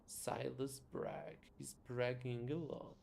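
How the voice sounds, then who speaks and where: A man's voice: mid-range voice, slow pace, gravelly, darkish tone, a little hiss or hum. A man streaming a narrative game, reading the dialogue aloud with casual muttered asides and self-corrections. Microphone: new desk microphone.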